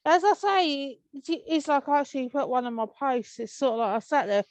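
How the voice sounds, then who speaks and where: A woman's voice: sits high, a little fast, no room sound. A woman with an English accent, chatting as an interview guest in a rambling, cheerful way and laughing often. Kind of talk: casual interview chat.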